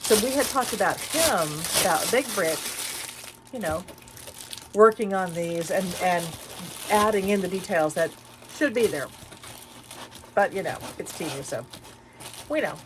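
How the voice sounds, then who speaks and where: A middle-aged woman with a medium-pitched, animated voice chats casually in a room at home as a haul vlogger. She's unhurried and pauses often, rambling with plenty of restarts and fillers, with background noise audible.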